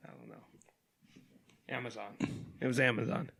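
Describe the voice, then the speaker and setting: A man's voice: medium pitch, level tone, normal speed, creaky, pauses often, a bit bright. Laid-back man chatting about a movie. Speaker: podcast co-host. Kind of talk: casual movie review chat.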